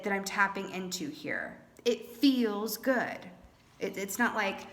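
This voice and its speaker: A woman's voice: mid-range voice, unhurried. Chatty woman doing a tarot reading. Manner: chatty, animated, thinks aloud with many fillers. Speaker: tarot reader. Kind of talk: casual tarot reading to camera.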